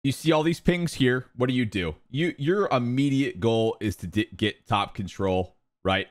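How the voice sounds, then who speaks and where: A young man coaching viewers over gameplay, profane and exasperated, repeating words rapid-fire. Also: mid-range voice, expressive, dry recording. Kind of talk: live gameplay coaching commentary.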